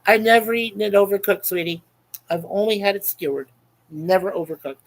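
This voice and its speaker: A man's voice: high-pitched, fairly quick, low-quality recording. A man hosting a casual webcam livestream, reading out chat comments in a rambling, chuckling, repetitive way. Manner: rambling, chuckling, repeats himself.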